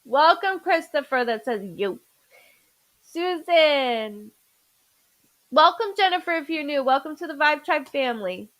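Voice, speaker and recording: High-voiced chatty woman hosting a live stream. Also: animated, measured pace, fairly bright tone, rough recording. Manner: chatty, repeats names, stutters. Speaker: psychic medium host. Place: home.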